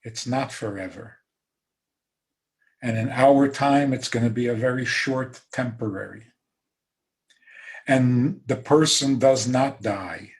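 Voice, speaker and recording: A man giving a rabbi's talk over a video call, emphatic, with dry humor and soft laughs. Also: medium pitch, takes it slowly, pauses often. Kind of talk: talk on a zoom call, answering questions.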